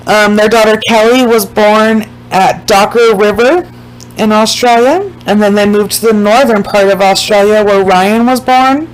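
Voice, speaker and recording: A woman telling a story in a loose, casual vlog style, with a mid-range voice. She talks bluntly and drops swear words as she goes. She often drags her words out slowly to drive a point home. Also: mid-range voice, poor audio. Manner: emphatic, swears freely, slows down to stress points. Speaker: YouTuber recapping a documentary.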